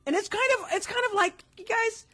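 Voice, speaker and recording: A woman co-hosting a casual podcast, telling stories in an animated, emphatic way with many restarts. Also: very high voice, brisk. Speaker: podcast co-host. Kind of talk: casual conversational podcast chat. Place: Los Angeles.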